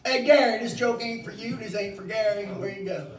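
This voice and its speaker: A man's voice: sits high, a little fast. A middle-aged man doing open mic stand-up, rambling and swearing freely. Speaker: stand-up comic. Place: bar stage. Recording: echoey bar, mic far off.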